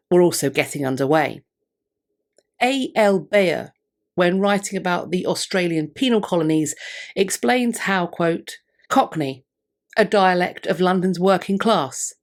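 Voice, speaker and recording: Low-voiced woman narrating history. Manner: measured, reads out scholarly quotations. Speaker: history channel presenter. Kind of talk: scripted narration.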